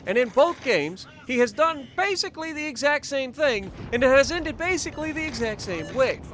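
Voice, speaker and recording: A man's voice: very high-pitched, very animated, moderate pace, a bit bright, slight background noise. A man hosting a gaming channel, giving chatty, enthusiastic and jokey commentary over his gameplay.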